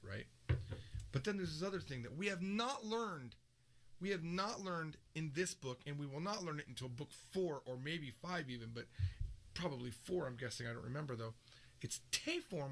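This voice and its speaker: A man teaching a recorded language lesson, explaining with lively, joking examples. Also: fairly high pitch. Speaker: Japanese teacher.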